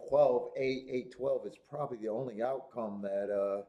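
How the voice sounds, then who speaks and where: The recording is muffled as a man with a mid-range voice, speaking at normal speed, hosts a live horse racing stream. He chats casually about what he's bet on, swearing, starting over, and talking to himself as the races run.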